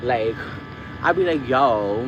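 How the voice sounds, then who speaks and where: A man chatting casually on a live stream while walking outdoors, rambling from one topic to the next with quick asides. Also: medium pitch, big pitch swings, muffled recording. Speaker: livestream host. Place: outdoors on a busy city street. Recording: noisy street with passing traffic.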